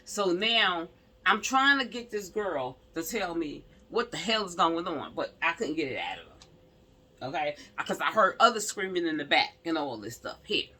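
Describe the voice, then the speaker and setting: A woman's voice: on the low side, big pitch swings, moderate pace, pushed and bright, breathy edge. A woman casually telling a personal story to her viewers, emphatic and rambling, with many asides to the audience.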